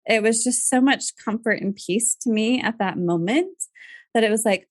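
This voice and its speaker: A woman in her thirties, a podcast guest, telling a personal family story in a soft voice and laughing through tears. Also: on the high side, lively intonation, moderate pace, no echo.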